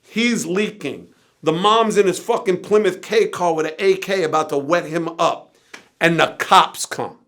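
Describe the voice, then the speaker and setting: A man with a bright, somewhat high voice tells an interview story full of swearing. His delivery jumps between excited bursts and low, weary muttering. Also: a little slow. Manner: animated, profane anecdote telling; shifts between energetic bursts and low tired murmurs. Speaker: interview guest.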